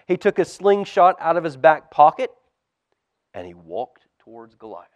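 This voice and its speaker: A man, a pastor, reading a storybook aloud to children at a church service, animated and dropping to a hush for suspense. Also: mid-range voice, normal speed, no room sound.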